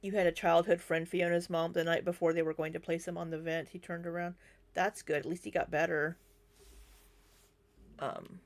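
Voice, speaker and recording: A woman's voice: fairly low pitch, flat delivery, moderate pace. A woman hosting a live commentary stream, reacting to video clips and answering viewers' comments in a chatty way.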